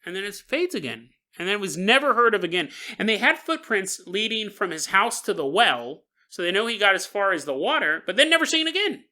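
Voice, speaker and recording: A male podcast host telling a paranormal tale as comedy. He talks to the listener with lots of laughs and asides. His voice is bright and bounces all over the place. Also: high voice, fairly quick, few pauses. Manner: animated, laughing, jokes to the listener.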